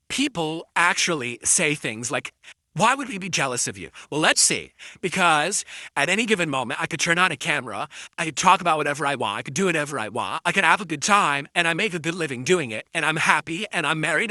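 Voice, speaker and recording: A man's voice: a little high, expressive, fairly quick, pushed and bright, dry recording, studio quality. A man streaming live, ranting defensively at his critics and insulting them.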